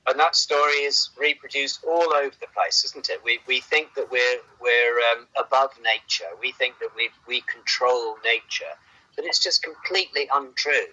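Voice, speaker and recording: A man's voice: mid-range voice, moderate pace, bright, forceful tone, highs cut off. A man speaking as a doctor guest, earnest and hesitant, often repeating words. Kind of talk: casual conversation.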